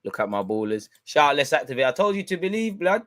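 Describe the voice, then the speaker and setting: A man hosting a live football watch-along, reacting excitably and chatting with viewers in slang. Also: fairly high pitch, fast, no echo.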